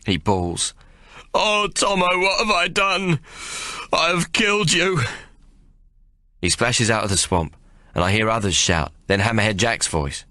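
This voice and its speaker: A man narrating an audiobook in the first person, in a rough working-class storyteller's dialect. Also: on the low side, sharp tone, dry recording, clean studio sound.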